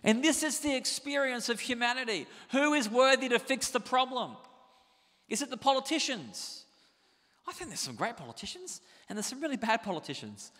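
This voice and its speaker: A man preaching a sermon as pastor, animated and conversational, asking the congregation rhetorical questions. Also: very high-pitched, normal speed, in a large hall.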